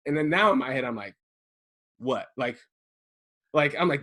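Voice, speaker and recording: A man in his thirties from Maryland telling a story in casual chat, acting out the quotes with lively jumps in his voice. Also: moderate pace. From Prince George's County, Maryland. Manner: animated, acts out quotes with big jumps in pitch. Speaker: podcast co-host telling a story.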